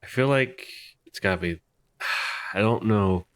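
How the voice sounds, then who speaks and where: A man streams a game in a low voice, reading dialogue aloud in a casual, hesitant way. He often doubts his own choices. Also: unhurried, fairly bright tone. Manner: hesitant, self-deprecating, reads dialogue aloud. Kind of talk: casual let's-play commentary.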